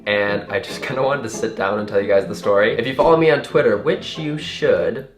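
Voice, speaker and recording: A man in his twenties telling an animated story to his vlog viewers and laughing along the way. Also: fairly low pitch, fairly quick, roomy sound, soft background music. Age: 20s. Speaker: vlogger. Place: room at home.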